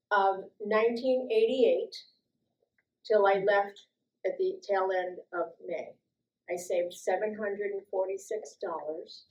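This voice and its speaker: An older woman from the US East Coast telling personal stories to an audience, lively and quick to act out other voices. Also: mid-range voice, muffled recording. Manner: lively, acts out quoted voices, laughs often. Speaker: guest speaker sharing life stories. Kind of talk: personal storytelling talk.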